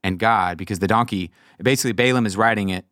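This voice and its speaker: A man with a low voice hosts a casual faith podcast. He tells stories with energy and acts out the quotes in squeaky high voices. The sound is close and dry. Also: quick pace, a bit bright, no room sound. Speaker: podcast host. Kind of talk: casual chat about faith.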